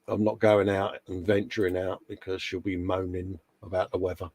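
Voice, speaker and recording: A man's voice: low voice, flat delivery, moderate pace, a little mellow, a little hiss or hum. A middle-aged English man co-hosting a casual live chat, jokey and full of friendly slang, calling everyone mate. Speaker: co-host.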